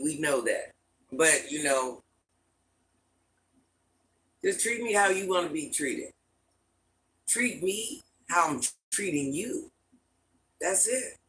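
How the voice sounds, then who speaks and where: A woman's voice: lowish voice, slow pace, long pauses, a bit bright, poor audio. An older woman hosting a casual livestream from home, chatting with viewers and greeting them with pet names. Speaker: livestream host.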